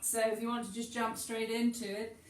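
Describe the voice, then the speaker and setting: Female yoga teacher, calm and chatty, encouraging; distant mic in an echoey room. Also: fairly high pitch, moderate pace. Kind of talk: guided yoga class.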